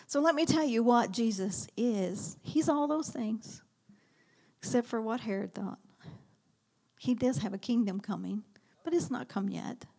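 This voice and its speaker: A woman's voice: on the high side, measured pace, creaky, dark tone. A woman teaching a sermon, reading Bible verses aloud in an earnest manner and dropping to a whisper at key words.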